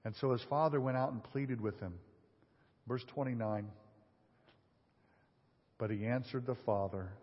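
A man's voice: mid-range voice, measured pace, long pauses. Man preaching in an echoing hall. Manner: conversational preaching with fillers, reading scripture aloud. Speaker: pastor. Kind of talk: sermon. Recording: dull audio in a hall with long reverb.

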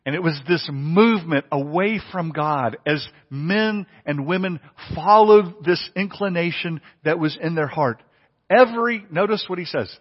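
A man's voice: fairly high pitch, expressive, moderate pace, slightly rough. A man preaching a sermon with earnest emphasis, often repeating his phrases for weight. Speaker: pastor. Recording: dull audio with long hall reverb.

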